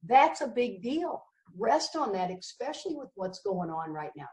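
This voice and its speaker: A woman's voice: mid-range voice, big pitch swings, moderate pace, a little mellow, far from the mic. Blunt, joking woman in an echoey room. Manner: emphatic, blunt and wryly joking. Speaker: recovery meeting speaker. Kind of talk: candid recovery talk.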